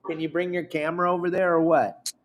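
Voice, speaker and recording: A man's voice: a little high, flat delivery, quick pace. A man hosting a livestream in casual chat, easygoing and passing along viewer questions. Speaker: livestream host.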